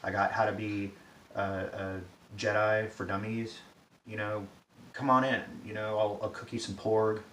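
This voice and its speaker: A man's voice: on the low side, flat delivery, unhurried, a bit bright. A man doing an offhand, weary old Jedi. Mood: coaxing. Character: weary older male Jedi hermit. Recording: roomy echo, distant mic, faint hiss.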